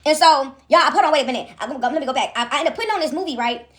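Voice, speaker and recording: High, lively woman telling a chatty story. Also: rapid-fire. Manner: chatty, addresses viewers as "y'all", frequent "right?"; laughs often while telling stories. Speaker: vlogger. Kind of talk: casual storytelling to viewers. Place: at home.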